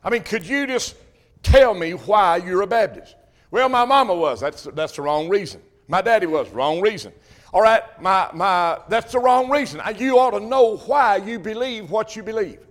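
High-voiced emphatic preacher. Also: male voice, lively intonation, moderate pace. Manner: emphatic, repetitive, rising to shouts. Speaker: Baptist preacher. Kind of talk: sermon.

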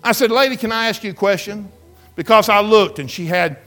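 Emphatic high-voiced preacher man. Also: brisk, a bit bright. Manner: emphatic storytelling preacher, repeats words, rises and falls in intensity. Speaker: pastor. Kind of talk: sermon.

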